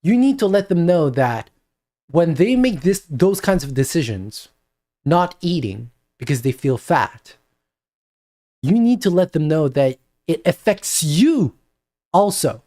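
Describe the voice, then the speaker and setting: A man giving a spoken video lecture with advice for parents, talking deliberately and repeating his points for emphasis. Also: a little high, big pitch swings, mellow.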